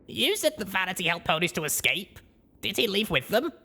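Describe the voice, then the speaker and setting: A man reading aloud, voicing an eager young female unicorn adventurer who talks in an excitable, earnest way. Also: high voice, fairly quick, breathy edge, voice pushed up, full character voice. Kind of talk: audiobook reading.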